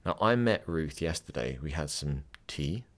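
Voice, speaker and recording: Upbeat man in his thirties, very deep voice. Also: lively intonation, normal speed, fairly bright tone. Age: 30s. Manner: upbeat, chatty, rambling. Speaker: podcast host. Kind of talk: casual podcast intro. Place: home podcast studio.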